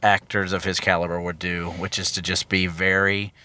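Bright, rambling man reviewing a film. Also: sits low, flat delivery, normal speed. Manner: rambling, joking, self-correcting. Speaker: podcast co-host. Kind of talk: casual film review chat. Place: in a car.

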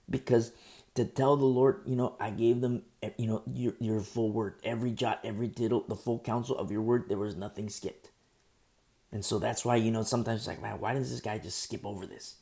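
A man preaching verse by verse, earnest and rambling, stumbling over hard names and pausing often because his throat is sore. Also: mid-range voice, dark tone. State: sore throat, pauses to drink tea. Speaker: pastor. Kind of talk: verse-by-verse Bible teaching.

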